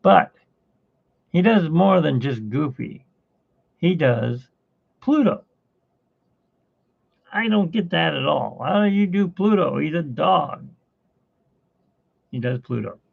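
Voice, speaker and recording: A man talks slowly and casually while he works on a drawing, rambling from one aside to the next. His voice is gravelly and husky. The sound is tinny and phone-like and dry. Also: a little high, expressive, no room sound. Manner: rambling, chatty, with fillers and asides. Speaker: artist hosting a live art stream.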